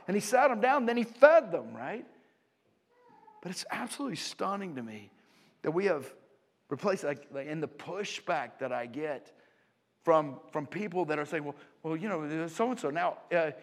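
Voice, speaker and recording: A man preaching as a pastor, animated and conversational, telling stories and checking in with frequent asides. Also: on the high side, normal speed. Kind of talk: sermon. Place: church auditorium. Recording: long hall reverb.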